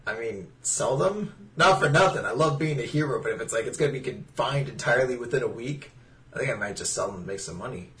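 A man's voice: mid-range voice, expressive, fast, a bit bright. A man co-hosting a podcast in casual, jokey banter, rambling and laughing often. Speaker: podcast co-host. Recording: distant mic with faint noise.

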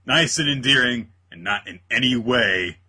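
Man, casual recap host, husky, lowish, bright. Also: expressive, normal speed. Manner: retells scenes, jumping into quoted characters. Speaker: podcast co-host recapping a manga chapter. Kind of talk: casual chat with animated quoted voices.

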